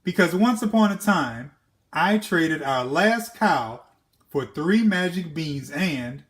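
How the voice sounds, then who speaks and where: A man, an educator, reading a children's storybook aloud with an expressive, animated manner. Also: on the high side, takes it slowly.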